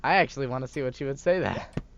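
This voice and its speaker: A man's voice: medium pitch, animated, quick pace, creaky, no echo, muffled recording. Young man joking through a game. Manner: playful, joking asides. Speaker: gaming video host. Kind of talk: let's play commentary.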